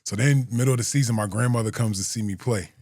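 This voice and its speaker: A man's voice: medium pitch, fast, a little mellow, husky, no echo, clean studio sound. A man in his forties, a guest telling stories in a loose, profane way and laughing through them. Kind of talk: casual storytelling.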